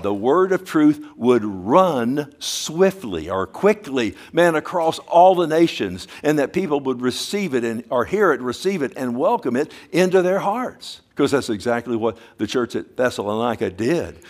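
A middle-aged male pastor preaching a sermon, asking the congregation questions and slowing down to stress scripture phrases. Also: medium pitch.

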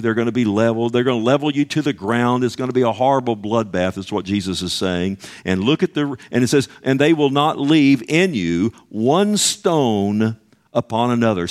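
Impassioned male preacher. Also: medium pitch. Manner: impassioned preaching, calls to the congregation; reads scripture slowly and emphatically. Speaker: pastor. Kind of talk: sermon.

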